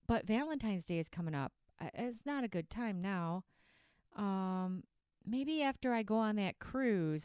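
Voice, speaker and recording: A woman's voice: a little high, a little mellow, clear, resonant tone, no echo, clean studio sound. A woman voicing a self-pitying, procrastinating dieter who rambles and keeps getting distracted by food, in a comedic skit inside a podcast. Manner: rambling, procrastinating, easily sidetracked.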